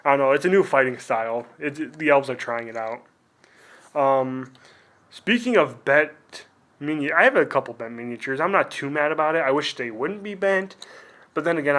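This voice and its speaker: A man's voice: medium pitch, a bit bright. A young man talking casually to the camera, rambling and self-deprecating, with lots of "like" and trailing asides. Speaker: video host. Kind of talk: casual unboxing vlog.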